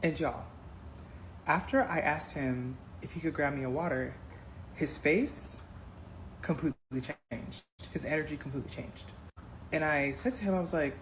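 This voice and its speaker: A woman telling a dating story in a casual storytime, addressing viewers as y'all with animated emphasis. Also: sits low, measured pace, pauses often, slight background noise, poor audio. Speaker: storyteller in a clip.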